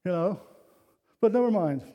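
A man's voice: high voice, lively intonation, moderate pace, highs cut off. An older man preaching a sermon, telling a personal story in an earnest, rambling way with many restarts. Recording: long hall reverb.

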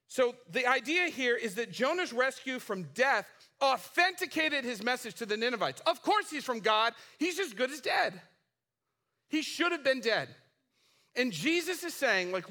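Bright-voiced, animated male preacher. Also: very high-pitched, normal speed. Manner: animated storytelling, acting out characters' lines; casual, with fillers and restarts. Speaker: pastor. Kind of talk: sermon.

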